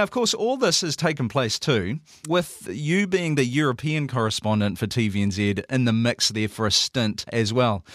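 A man's voice: mid-range voice, no room sound, studio quality. A man hosting an interview, asking friendly leading questions. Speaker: host, reverend. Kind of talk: interview host.

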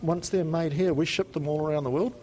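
A man's voice: on the high side, steady tone, a little fast, dark tone, slight background noise, rough recording. A man with a New Zealand accent patiently explains technical equipment on a factory tour, with frequent ums. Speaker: company spokesperson giving a tour. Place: factory and laboratory.

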